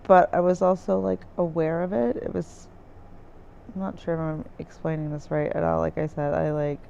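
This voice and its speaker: A woman's voice: sits low, flat delivery, moderate pace, vocal fry, dark tone, lo-fi sound, slight background noise. A woman vlogger recapping her experience in a casual diary style, rambling and searching for words with many fillers, recorded in a dim room indoors. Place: dim room indoors by a window with trees outside.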